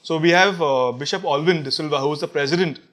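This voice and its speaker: A man, speaking as a priest guest in a casual interview. His voice sits fairly high and he talks quickly. He answers with dry, teasing banter. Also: a bit bright. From Mumbai, India.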